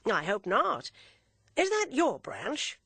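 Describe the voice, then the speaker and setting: A woman voicing an urbane middle-aged gentleman with a dry, teasing wit. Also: a little high, wildly swooping pitch, slow, slightly rough, no room sound, pitched above the performer's own voice, heavily acted.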